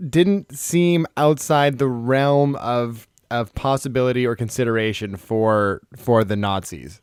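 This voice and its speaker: A man's voice: medium pitch, measured pace, clean tone, dry recording, clean studio sound. A man co-hosting a casual film discussion podcast, blunt and swearing freely. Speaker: podcast co-host.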